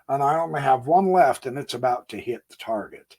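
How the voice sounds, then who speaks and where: A man hosting his chess channel who talks through a game on a board, thinking aloud in a folksy way with homey exclamations and swinging between quiet asides and emphatic bursts. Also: mid-range voice, animated, brisk, few pauses, breathy edge. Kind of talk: casual game walkthrough on a physical board.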